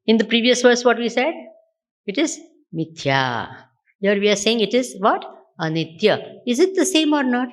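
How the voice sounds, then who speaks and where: A woman with an Indian English accent giving a Vedanta discourse, repeatedly putting questions to her listeners. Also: medium pitch. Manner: asks the audience repeated rhetorical questions. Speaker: spiritual teacher.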